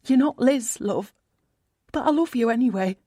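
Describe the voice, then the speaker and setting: A woman's voice: fairly high pitch, lively intonation, normal speed, dark tone, dry recording, studio quality, voice pushed up. A woman narrator voicing an older motherly woman who speaks affectionately and coaxingly. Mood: tender.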